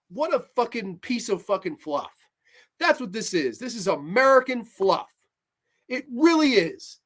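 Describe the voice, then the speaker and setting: A man's voice: high-pitched, very animated, unhurried, fairly bright tone. A man hosting a live movie review stream, swearing freely and ranting heatedly, then reading viewer comments aloud. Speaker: livestream host.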